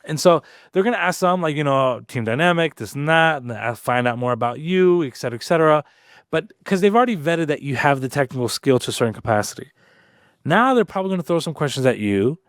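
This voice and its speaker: A man's voice: fairly high pitch, fast, no echo. Man telling a story on a podcast, dry sound. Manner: animated, lots of "like" fillers. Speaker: podcast co-host. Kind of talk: casual storytelling. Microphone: podcast studio mic.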